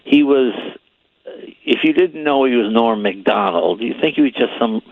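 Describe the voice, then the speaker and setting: An older man telling stories in a casual chat. He rambles and repeats words, and grows animated as the story builds. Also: mid-range voice, moderate pace, vocal fry, no room sound, phone-quality sound.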